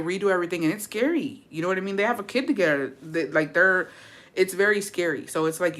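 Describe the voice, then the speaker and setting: A woman's voice: on the low side, a bit bright. A young woman vlogger chatting casually to her viewers, slangy and profane, dropping in Spanish words. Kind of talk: casual chat to camera.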